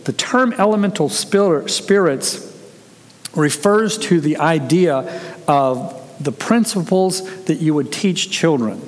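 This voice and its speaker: A man with a somewhat high voice preaching a casual, earnest sermon. He tells stories and throws in lively quoted voices. The sound rings with the long reverb of a large hall. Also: slow. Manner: earnest, storytelling, animated when quoting. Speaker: pastor. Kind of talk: conversational sermon.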